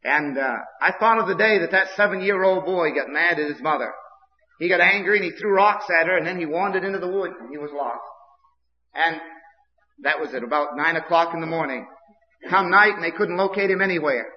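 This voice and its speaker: A man's voice: fairly high pitch, fairly quick. A man from Maine, preaching a sermon in a repetitive, impassioned way that builds to outbursts. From Maine, USA. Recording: dull old recording with long hall reverb.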